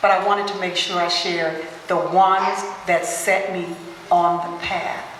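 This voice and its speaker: This guest speaker shares personal stories with an audience, performing the quotes of the people involved. Her lowish voice keeps a measured pace. The recording, made at a distance in an echoey hall, has slight background noise.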